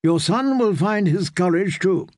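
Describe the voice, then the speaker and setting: A woman's voice: on the low side, lively intonation, unhurried, darkish tone, dry recording, clean studio sound, voice pushed up. A man voicing a haughty, scheming middle-aged queen who speaks in a cold, imperious, condescending way.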